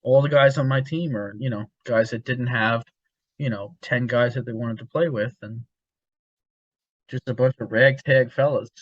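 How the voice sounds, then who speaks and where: A man's voice: medium pitch, dry recording. A young man co-hosting a podcast, telling long rambling stories with frequent laughs and casual swearing. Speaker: podcast co-host. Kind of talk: casual chat. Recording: dull dry lo-fi sound.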